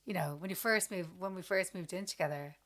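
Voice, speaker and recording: A woman in her thirties with an Irish accent, co-hosting a podcast and chatting casually, blunt and animated as she acts out what people said. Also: fairly low pitch, a little fast. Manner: blunt, animated storytelling with acted-out quotes. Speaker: podcast co-host. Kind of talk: casual chat.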